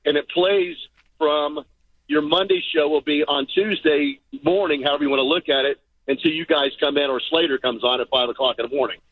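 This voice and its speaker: A man's voice: on the high side, expressive, brisk, creaky, no echo. A man calling in to a radio show as a truck driver, rambling and repeating himself. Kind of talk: phone call-in. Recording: tinny phone line.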